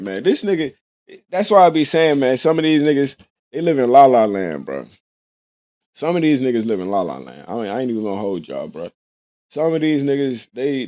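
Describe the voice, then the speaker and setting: Host, male, blunt and profane, slightly high voice, drops to mutters then bursts out loud. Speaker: livestream show host. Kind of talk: casual reaction commentary.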